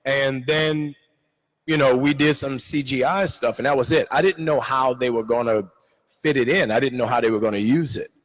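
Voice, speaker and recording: A middle-aged man telling lively, laughing stories as a guest on a convention panel in a large arena. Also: mid-range voice, normal speed, low-quality recording. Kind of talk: animated convention panel storytelling.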